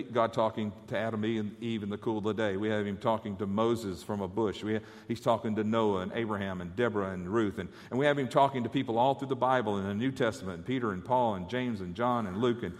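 Preacher guy, talks like a chat, trips over his words a lot, middle pitch, echoey church hall. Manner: stammering repetitions, conversational. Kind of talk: sermon.

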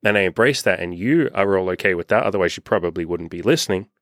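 A man's voice: low voice, fast talker, fairly bright tone, dry recording, clean studio sound. A young man coaching on dating in a loose, unscripted monologue, cursing freely and acting out what people say. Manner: loose and unscripted, swears freely, acts out quoted voices. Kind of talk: casual podcast monologue.

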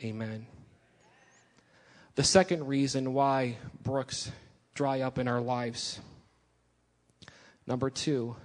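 A man's voice: medium pitch, fairly even intonation, takes it slowly, pauses often, in a large hall. A man pastor preaching a sermon, repeating key lines and building emphasis.

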